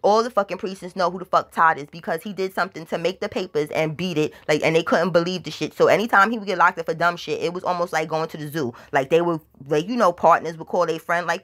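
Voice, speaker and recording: A woman's voice: fairly low pitch, fast, a bit bright. Profane New woman telling a story. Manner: profane, emphatic, keeps asking "you understand?". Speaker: vlogger. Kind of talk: casual storytime.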